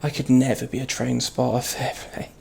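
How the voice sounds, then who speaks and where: Medium in pitch but flat in delivery, his creaky, slightly mellow voice moves at a moderate pace on a low-quality recording. He chats casually while driving a train simulator, rambling through tales and laughing at himself amid the game's engine and rail noise.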